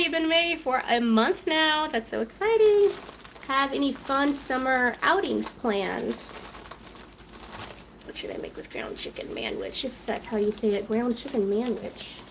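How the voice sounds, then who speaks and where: High-voiced chatty woman hosting a cooking livestream. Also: fairly bright tone, slight background noise. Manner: chatty and scattered, reads viewer comments aloud. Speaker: mother. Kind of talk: casual live-stream chat while cooking. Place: home kitchen.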